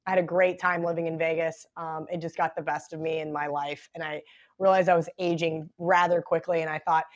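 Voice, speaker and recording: A woman's voice: low-pitched, level tone, fairly quick, dull audio. A woman in her thirties, a podcast guest, telling a long story in casual chat, full of "like" and "right?". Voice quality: chatty, lots of "like" and "right?".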